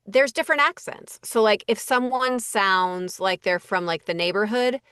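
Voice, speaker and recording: A woman's voice: medium pitch, normal speed, clean tone, no room sound. A woman in casting chats easily about her work, piecing her thoughts together as she goes, with plenty of "like" and "um". Her voice sits in a middle range. It is recorded close and dry, with little room sound. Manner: relaxed, thinks aloud with many fillers. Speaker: voice director and casting associate. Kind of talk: casual interview conversation. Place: Los Angeles.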